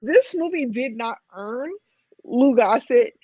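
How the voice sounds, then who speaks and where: A woman on a film review panel in casual chat, animated and emphatic. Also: on the high side, slow, breathy edge, dry recording, muffled recording.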